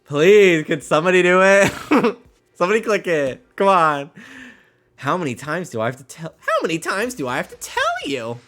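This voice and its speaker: A man's voice: sits high, big pitch swings, moderate pace, a bit bright, soft background music. A man streaming a video game, chatting casually with viewers, laughing often and swearing casually. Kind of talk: casual livestream chat.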